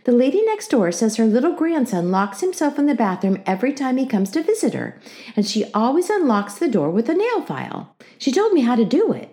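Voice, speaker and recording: Woman playing a mother, cheerful, brisk, patient, lively pitch.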